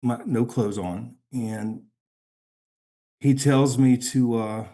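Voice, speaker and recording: A middle-aged man shares a painful personal story as a podcast guest. He speaks haltingly and emotionally, stumbling and repeating words. His voice sits at an ordinary middle pitch. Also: steady tone, mellow.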